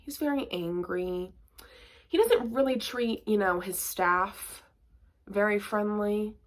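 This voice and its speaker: A woman giving a casual vlog book review, chatty and full of "like" and playful sarcastic asides. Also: a little high.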